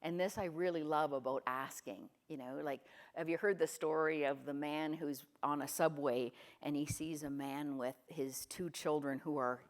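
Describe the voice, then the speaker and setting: A middle-aged woman from Canada giving a conference talk, questioning the audience and telling lively stories. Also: low voice. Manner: lively storytelling, often quotes people. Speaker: guest speaker. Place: conference room.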